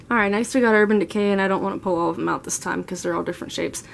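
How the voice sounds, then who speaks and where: Seated at home, a woman in her twenties gives a casual makeup collection tour as a beauty vlogger, gushing and rambling as she goes. She talks fast in a mid-range, creaky voice over slight background noise.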